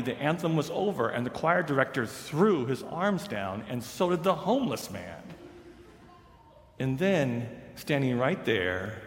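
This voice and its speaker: A man's voice: mid-range voice, a little hiss or hum. Man preaching in an echoing sanctuary. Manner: measured storyteller, softening for quoted lines. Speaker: pastor. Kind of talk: sermon storytelling. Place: large church sanctuary. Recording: roomy sanctuary with long reverb.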